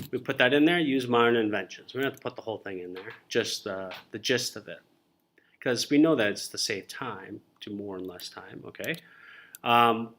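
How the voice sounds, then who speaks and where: A man's voice: mid-range voice, bright, forceful tone. A man teaching a college reading class, explaining ideas informally and calling on students by name. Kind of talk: classroom lecture.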